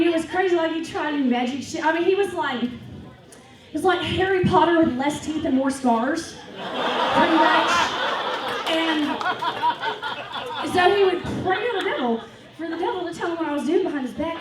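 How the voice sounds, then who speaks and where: A woman's voice: high-pitched, moderate pace. A woman doing a brash, profane stand-up comedy set on a club stage. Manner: brash, profane, animated storytelling. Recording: echoey club from a distance with crowd. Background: audience laughing.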